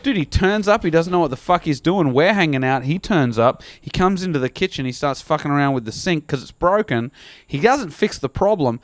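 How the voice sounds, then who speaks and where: A man's voice: fairly high pitch, animated, fairly quick, no room sound. A man ranting through a comic story on a podcast, swearing and slipping into put-on voices. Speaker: podcast co-host. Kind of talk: casual comedic storytelling.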